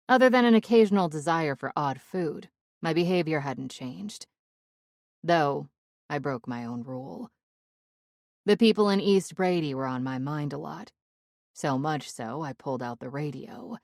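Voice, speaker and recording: A woman narrating a first-person audiobook in a measured, conversational storytelling manner. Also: low-pitched, dry recording, clean studio sound.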